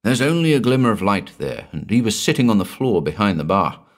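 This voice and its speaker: A man's voice: lowish voice, big pitch swings, brisk, voice pushed up. A man voicing a timid, frightened male inn waiter who talks in an anxious, sheepish way.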